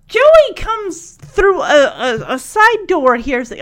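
Chatty lady with a high voice, giggles a lot, does little voices for the characters. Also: big pitch swings, a bit bright. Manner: chatty, giggly, acts out quotes in quick voices. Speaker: TV episode recapper. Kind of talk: casual recap commentary.

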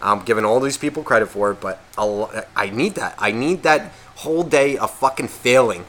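Bright-voiced man ranting profanely. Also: mid-range voice, fairly quick. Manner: profane, animated, acts out imagined voices. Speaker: podcast co-host. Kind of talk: casual profane rant.

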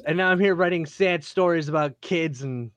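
A man's voice: on the high side, moderate pace. A man who creates comics, guesting on a podcast and telling laid-back anecdotes in which he acts out the dialogue. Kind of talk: casual chat.

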